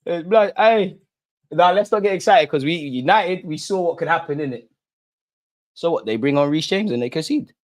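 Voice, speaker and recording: Reacting live as a one-sided fan, a young man runs a football watch-along and addresses his viewers straight on using street slang. He sounds animated, his voice on the high side, and he keeps a moderate pace.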